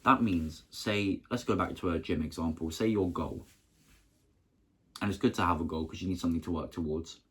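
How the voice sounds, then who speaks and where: Earnest young man, deep husky voice. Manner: earnest, talks in short halting phrases with restarts. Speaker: motivational vlogger. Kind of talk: casual motivational talk to camera.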